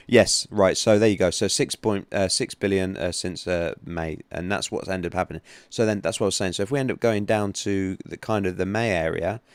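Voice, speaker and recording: A man's voice: deep voice, a little fast, few pauses, dry recording. A man hosting a casual livestream about trading, rambling and chatty with many restarts. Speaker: livestream host, trading analyst.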